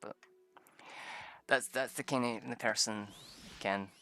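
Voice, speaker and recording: A man's voice: medium pitch, steady tone, slow pace, sharp tone, slight background noise. A man telling a rambling story about a tabletop game session, swearing often and laughing a lot. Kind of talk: casual storytelling.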